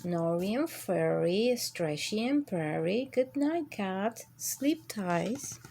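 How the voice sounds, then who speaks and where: A woman reading a bedtime picture book aloud to children, slow and sing-song, jumping into high squeaky animal voices. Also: lively intonation, vocal fry, a little mellow, slight background noise. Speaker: children's storyteller.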